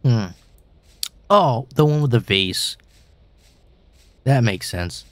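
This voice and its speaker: A man's voice: mid-range voice, animated, slow, dry recording. A young man giving wry, suspicious commentary while playing a horror game, swearing now and then. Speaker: gaming channel host.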